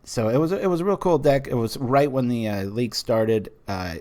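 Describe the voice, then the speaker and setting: A man's voice: medium pitch, a little fast, darkish tone. A man from the United States, casually commenting while streaming a card game, rambling with many fillers.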